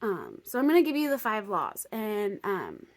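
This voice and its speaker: A young woman vlogger telling a story casually, chatty with lots of fillers, dropping to whispers and bursting into excitement. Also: mid-range voice, normal speed. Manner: chatty, lots of "like" and "um", swings between excited outbursts and hushed whispers.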